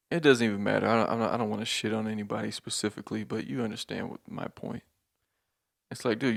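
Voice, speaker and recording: Low and gravelly, a man hosting a podcast rambles through a casual solo rant while sounding hungover. He curses freely, leans on filler words, and keeps laughing between points.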